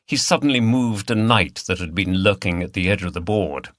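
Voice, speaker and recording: A man narrating a mystery audiobook in a measured, even storytelling manner. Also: sits low, dry recording, studio quality. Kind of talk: scripted narration.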